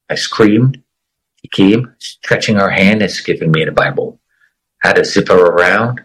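A middle-aged man giving an earnest, emotional personal testimony as an interview guest, with dramatic pauses. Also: sits low, fairly bright tone, breathy edge, rough recording.

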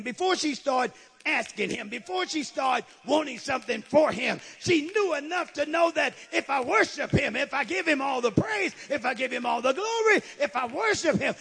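A man preaching with a strikingly high, strained voice that turns gravelly and rough at the edges. He builds his sermon through rhythmic repetition and breaks into shouted climaxes.

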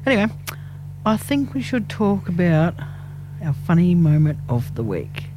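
A woman's voice: lowish voice, big pitch swings, a little slow, background noise. A young woman co-hosting a radio show, chatty and teasing. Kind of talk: casual chat. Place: small radio studio.

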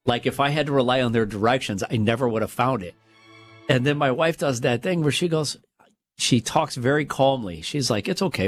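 A man co-hosting a talk show, telling a long story in a rambling way and correcting himself as he goes. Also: mid-range voice. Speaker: radio show co-host. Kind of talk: casual chat.

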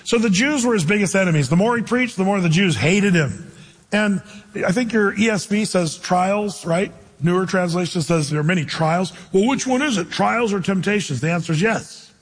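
A male pastor giving an animated sermon, asking his listeners questions and acting out quoted voices. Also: high-pitched, normal speed, slightly rough, long reverb tail.

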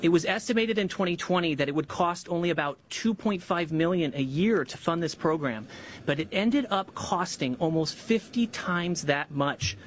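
An American official speaks at a press conference with a slightly high voice, reading a formal statement slowly and deliberately. Faint room noise runs under the press conference audio. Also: male voice, lively intonation. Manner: measured and deliberate, pausing for emphasis.

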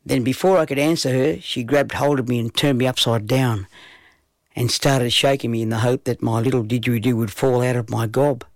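A man telling a children's story in an unhurried storytelling manner. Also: mid-range voice, fairly even intonation, no room sound.

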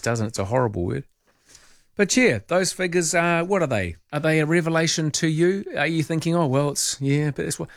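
A middle-aged man with a New Zealand accent hosting a casual radio chat, playful and mock-indignant, his voice jumping high on questions. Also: dry recording, clean studio sound. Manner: playful, indignant tongue-in-cheek asides with sudden high pitch jumps. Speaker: radio host.

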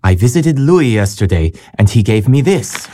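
A man voicing a devout young gentleman in a radio drama. He speaks earnestly and respectfully, with a mellow, dark tone and a pitch that rises and falls freely. The sound is close and dry. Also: big pitch swings, moderate pace, no echo, lightly acted. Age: young adult. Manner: earnest and polite, hesitant when moved. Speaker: young man seeking priesthood.

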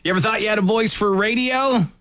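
A man's voice: sits high, quick pace, a bit bright, no room sound. A man hosting a radio show, chatting in a playful, teasing way. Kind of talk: casual radio banter.

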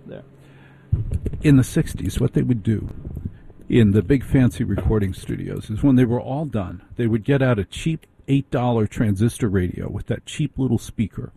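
A man's voice: medium pitch, moderate pace, creaky, dark tone, a little hiss or hum. A middle-aged man hosting an overnight radio show, chatting casually with wry, self-deprecating asides as he reads listener emails.

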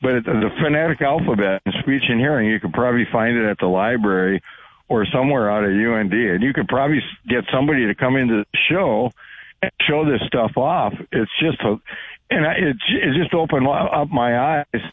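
A man's voice: mid-range voice, fairly quick, breathy edge, no echo. A man calling in to a radio show, earnest and rambling, often restarting his sentences. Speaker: caller. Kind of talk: casual phone-in chat. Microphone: telephone. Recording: tinny phone line.

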